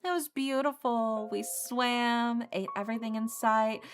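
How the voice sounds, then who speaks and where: A woman's voice: on the high side, fairly even intonation, measured pace, voice pushed up, lightly acted. A woman voicing a breezy young woman, the ex-girlfriend in a game, in a light, cheerful and boastful tone while reading the dialogue aloud.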